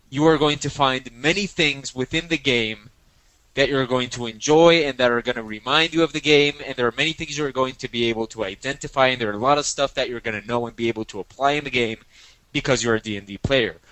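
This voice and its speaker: A man's voice: medium pitch, a bit bright, no room sound, rough recording. A man co-hosting a podcast in casual chat, playful and teasing, often repeating himself. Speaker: podcast co-host.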